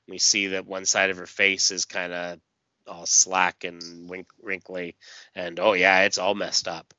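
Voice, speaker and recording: A man's voice: low-pitched, level tone, measured pace, bright, forceful tone, dry recording, dull audio. A man casually recapping a comic book story, with many fillers and acted lines. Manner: reads dialogue in voices, many fillers. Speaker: podcast host reading a comic aloud.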